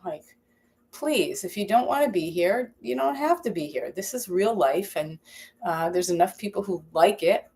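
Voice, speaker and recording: A woman's voice: mid-range voice, animated, moderate pace, darkish tone. A woman hosting a live cooking stream from her home kitchen, chatting casually, rambling and reading viewer comments aloud. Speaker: cooking channel host.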